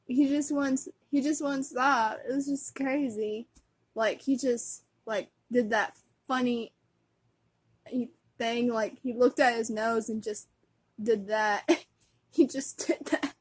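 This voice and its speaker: A woman's voice: fairly high pitch, fairly even intonation, slow pace, a little mellow, breathy edge. A woman vlogger chatting casually as a fan, giggly and rambling, with lots of fillers.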